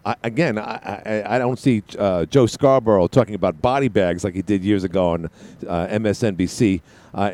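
A man's voice: fairly low pitch, mellow. An older man hosting a talk radio show, rambling and sarcastic, with many fillers and restarts. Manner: sarcastic, ranting. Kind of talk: casual political talk radio monologue.

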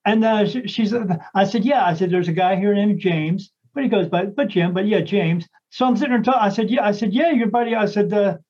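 A man's voice: sits high, a little fast, hardly any pauses, darkish tone, slightly rough, lo-fi sound. A man, a psychic medium, chatting casually and telling a long story in a rambling way, with lots of restarts and acted-out quotes.

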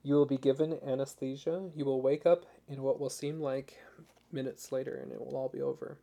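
A man's voice: medium pitch, little pitch movement, a little fast, gravelly, warm tone, lightly acted. A man voicing a woman surgeon who talks in a clipped, matter-of-fact way. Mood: clinical, firm. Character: brisk, blunt woman surgeon, cool and authoritative.

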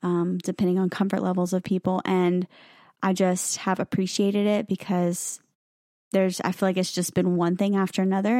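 A woman's voice: mid-range voice, dark tone, dry recording. Young woman cohosting a podcast, chatty and easygoing, dry close mic. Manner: chatty, lots of fillers and laughs. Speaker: podcast co-host. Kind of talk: casual chat.

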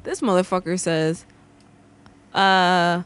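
A woman's voice: lowish voice, brisk. A woman who works in healthcare, bluntly and profanely telling a story from work in a casual chat. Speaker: healthcare worker. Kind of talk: casual chat among friends.

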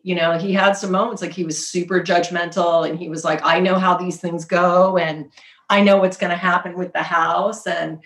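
Earnest woman telling stories in an echoey room. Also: lowish voice. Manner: earnest, animated storytelling with spiritual talk. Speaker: podcast guest. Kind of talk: casual chat.

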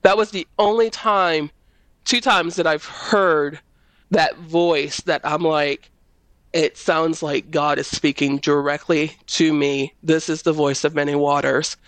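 Animated woman telling a faith testimony. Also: slow pace, no room sound. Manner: animated storyteller, acts out quoted voices in a high tone. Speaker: prophet. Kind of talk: personal faith testimony in a panel talk.

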